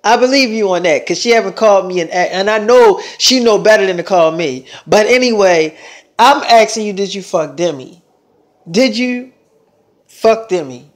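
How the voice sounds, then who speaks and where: A man's voice: high voice, moderate pace. A man casually telling a rambling, profane story to his viewers, acting out both sides of a conversation. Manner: profane, rambling, acts out dialogue.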